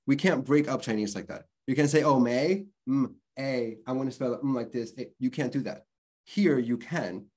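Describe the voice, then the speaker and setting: Man giving a literacy workshop talk. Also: medium pitch. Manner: conversational, explanatory, spells out sounds. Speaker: literacy presenter. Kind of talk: workshop lecture.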